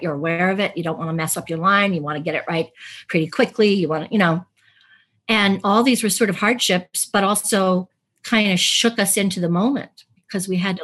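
A woman's voice: lowish voice, fairly bright tone. A woman who is an actress and podcast guest, telling stories animatedly in a casual interview, laughing and acting out quotes.

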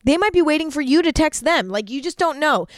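A woman's voice: high voice, lively intonation, fairly quick, dry recording, studio quality. A young adult woman hosting her own podcast, talking casually and earnestly with lots of fillers and self-mocking asides. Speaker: podcast host. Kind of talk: casual advice podcast monologue.

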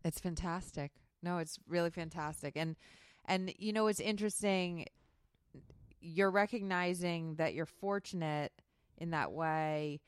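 A middle-aged woman tells a story from her working life in a relaxed interview. Her low voice is smooth and resonant, recorded close and dry. She acts out remembered thoughts and breaks into laughter as she goes. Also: measured pace, no echo. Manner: animated, acts out quoted thoughts, laughs while telling stories. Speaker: author guest. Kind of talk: conversational storytelling.

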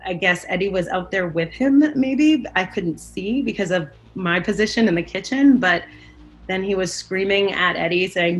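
A woman's voice: medium pitch, normal speed, low-quality recording. A woman recalling a frightening childhood incident in an interview, speaking hesitantly with fillers and restarts that grow intense. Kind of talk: emotional personal recollection.

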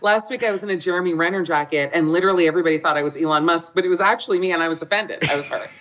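A woman guest on a comedy podcast, telling stories in an animated, joking way and laughing often. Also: lowish voice, rapid-fire. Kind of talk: casual comedic chat.

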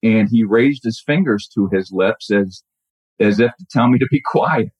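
A middle-aged man telling a personal story in a halting, reflective way with many restarts. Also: lowish voice, a little mellow, breathy edge, dry recording. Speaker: caller telling a true story. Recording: dull lo-fi audio.

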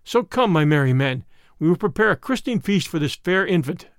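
A jolly, good-humored outlaw leader addresses his band in stately old-fashioned phrases, voiced by a man reading aloud. The voice is fairly high and lively. It is recorded close and dry. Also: fairly quick, no room sound. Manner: old-fashioned formal speech.

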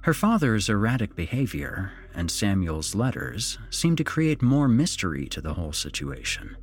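A man narrating a suspense story aloud in an expressive reading voice. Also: fairly low pitch, normal speed, soft background music.

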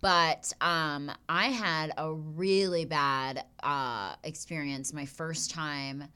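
A young woman hosting a podcast, telling a story in a casual, animated and profane way. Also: low-pitched, takes it slowly, smooth. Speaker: podcast host.

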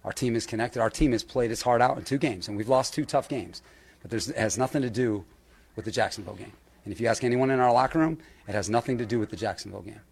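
A man's voice: mid-range voice, fast, vocal fry, darkish tone, husky. A man who coaches a football team, answering press questions firmly and defensively, repeating his points. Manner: firm, defensive, repeats himself.

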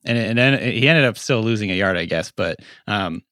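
A man's voice: on the low side, lively intonation, a little fast, pushed and bright, dry recording, studio quality. Rambling, jokey man in his forties. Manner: rambling, jokey, trailing off with fillers. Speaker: podcast co-host. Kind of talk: casual chat.

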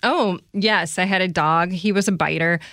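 A woman's voice: lowish voice, normal speed, fairly bright tone, no room sound, clean studio sound. A middle-aged woman hosting a podcast, telling stories in casual chat and laughing often. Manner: chatty storyteller, laughs often. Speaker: podcast host.

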